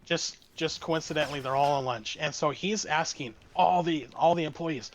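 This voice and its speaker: A man chatting casually as an interview guest, telling a long story that wanders with frequent restarts. His voice sits slightly high for a man, and a light hiss of noise runs underneath. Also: normal speed, hardly any pauses. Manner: rambling, with many restarts and fillers. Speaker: streamer guest.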